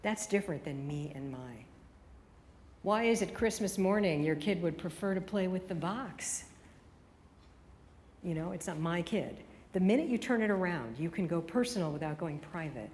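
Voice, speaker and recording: A woman's voice: sits low, darkish tone, slight background noise. A woman radio consultant giving a conference keynote, firing off emphatic rhetorical questions at the audience. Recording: hall reverb with faint room ambience.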